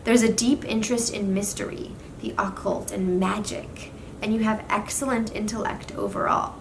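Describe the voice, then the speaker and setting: A woman's voice: medium pitch, fairly even intonation, moderate pace, gravelly. Chatty young woman in an echoey room. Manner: chatty, says "literally" and "like" a lot. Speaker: astrology vlogger. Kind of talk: casual talk to camera. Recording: echoey room with faint noise.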